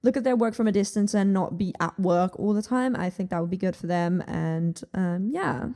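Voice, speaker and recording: A young woman with a Dutch accent, a music vlogger, chats casually in a music review, full of ums, likes and frequent swearing. Her warm voice is mid-range, at normal speed.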